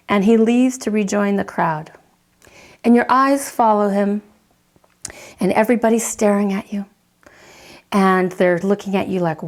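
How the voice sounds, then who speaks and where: A woman counselor teaching a lesson, telling a story vividly and acting out the reactions in quick asides. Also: mid-range voice.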